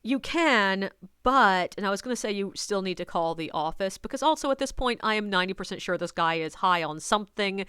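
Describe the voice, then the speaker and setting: A woman's voice: mid-range voice, a bit bright, smooth, no room sound, clean studio sound. A woman, a ghost tour guide, telling a personal story in a casual, wry way and acting out her own replies. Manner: conversational, wry, quotes herself.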